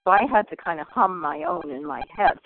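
A woman's voice: medium pitch, sing-song, brisk, vocal fry. A woman sharing at a twelve-step phone meeting in a chatty, wry way. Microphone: telephone. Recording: dry phone line.

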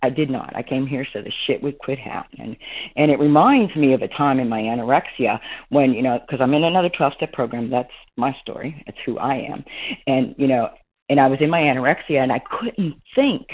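A woman with a slightly husky voice shares her story on a recovery meeting call. She rambles warmly, leaning on "you know" as she goes. The sound is narrow and tinny, as if coming through a telephone line. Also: rumbling low, fairly quick. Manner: rambling, heartfelt, heavy on fillers. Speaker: meeting member sharing. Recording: phone-line audio.

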